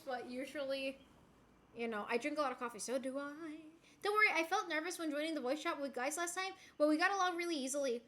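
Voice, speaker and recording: Young woman streamer, forceful bright tone, chatty and blunt, in a roomy echoing space. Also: high voice. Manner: candid, chatty, swears freely, reads chat aloud. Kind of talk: casual chat. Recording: roomy echo.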